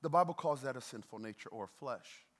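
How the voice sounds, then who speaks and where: A man preaching a sermon as a pastor, in a lively, conversational way, with playful asides to the congregation. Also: mid-range voice, fairly quick. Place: church auditorium. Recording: long hall reverb.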